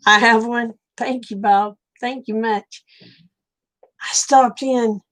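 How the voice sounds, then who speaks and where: A woman's voice: fairly high pitch, fairly even intonation, slow pace, a bit bright. A woman with an Oklahoma accent, chatting casually with viewers and telling folksy stories. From Oklahoma, USA. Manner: folksy storytelling, laughs often. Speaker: livestream host.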